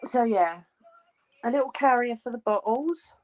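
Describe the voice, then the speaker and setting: A woman's voice: a little high, animated, unhurried, darkish tone. A woman hosting a live crafting stream, chatting casually and joking with viewers as she sews, a little tired. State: tired, yawning. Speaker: crafting livestream host. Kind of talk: casual chat while sewing live.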